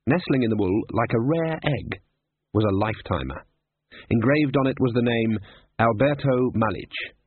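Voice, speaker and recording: A man narrating a story in a dry, measured manner, on a muffled, narrow recording. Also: on the low side, breathy edge, no echo. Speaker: audiobook narrator. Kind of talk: scripted narration. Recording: muffled, phone-like narrow sound.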